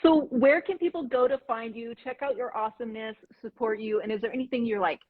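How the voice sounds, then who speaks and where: A woman's voice: fairly high pitch, fast talker, phone-quality sound. A woman hosting a live interview, encouraging her guest, laughing along and summing up her points. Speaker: interview host.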